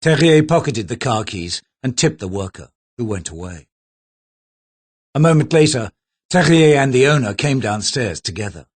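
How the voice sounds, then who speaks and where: Husky male audiobook narrator. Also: medium pitch, expressive, moderate pace. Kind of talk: scripted narration.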